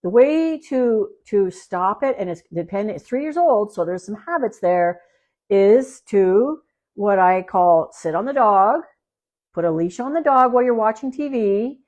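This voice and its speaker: A woman's voice: medium pitch, lively intonation, unhurried, a little mellow. Plainspoken woman dog trainer giving advice. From Canada. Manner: plainspoken, repeats key points, acts out dog and owner lines. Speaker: dog trainer answering listener questions. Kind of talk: casual podcast advice.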